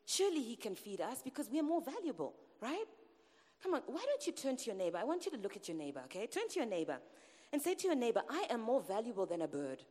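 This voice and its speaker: A woman delivers a sermon with a lively, swooping voice that sits a little high. She calls out to the congregation as she preaches. The sound carries a long reverb from the church hall. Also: fast.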